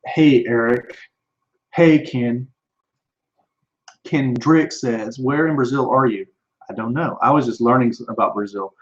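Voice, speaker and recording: A man with a mid-range voice, probably in his thirties, answers viewer questions while hosting a live show in a casual, rambling way. He restarts often and uses lots of fillers. Recorded on a computer microphone, the audio has its highs cut off.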